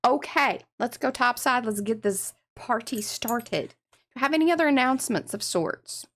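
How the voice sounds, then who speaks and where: A woman's voice: a little high, animated, normal speed, a bit bright, a little hiss or hum. Chatty woman greeting livestream viewers. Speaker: livestream art show host. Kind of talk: casual livestream chat.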